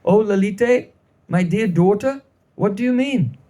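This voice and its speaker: A man's voice: high-pitched, unhurried, dark tone. A man voicing a motherly elderly noblewoman in a devotional story, speaking tenderly and coaxingly.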